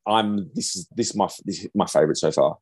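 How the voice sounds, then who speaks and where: A man's voice: deep voice, quick pace, a little mellow, slightly rough, dry recording. An Australian man co-hosting a podcast, chatting casually in an easygoing way with plenty of agreeing fillers. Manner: easygoing, lots of "yeah" fillers. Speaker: podcast co-host. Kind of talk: casual chat.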